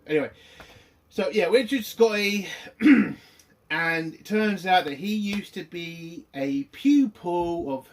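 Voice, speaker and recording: A young British man with a British accent talks through a TV episode in a loose, ranting way. He swears often and leans on fillers as he goes. His voice sits a little higher than most men's. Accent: British English. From Britain. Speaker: TV review host. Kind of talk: casual spoken review.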